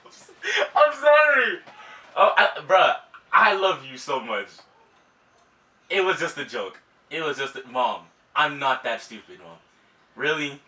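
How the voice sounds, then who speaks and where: A man's voice: mid-range voice, expressive, measured pace, pushed and bright. A young man filming a prank vlog at home, apologizing over and over and laughing nervously. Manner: apologetic, laughing, repeating himself. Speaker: prank vlogger. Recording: roomy home audio, mic at a distance.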